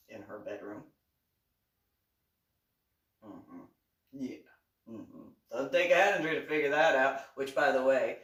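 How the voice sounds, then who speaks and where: Slow-talking woman in an echoey room. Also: rumbling low, fairly bright tone. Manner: laughs often while telling the story. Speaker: reverend and channel host. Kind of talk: rambling personal storytelling. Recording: echoey room, voice far from mic.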